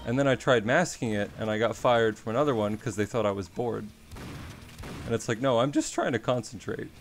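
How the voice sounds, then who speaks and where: A man's voice: fairly low pitch, steady tone, a little fast. A man from Australia chatting casually on his stream, rambling and wry, swearing now and then.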